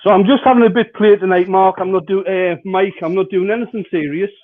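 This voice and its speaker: A man's voice: high voice, fairly even intonation, fast talker. Tinny-sounding man chatting in his workshop. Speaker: woodturner demonstrating on a livestream. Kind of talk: casual workshop chat.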